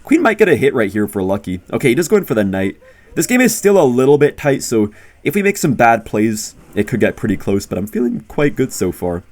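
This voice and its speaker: Young man, gameplay commentary, jokey, talks to viewers, lively swooping pitch, mid-range voice. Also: brisk. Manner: bursts into loud high-pitched exclamations when surprised. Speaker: gaming YouTuber.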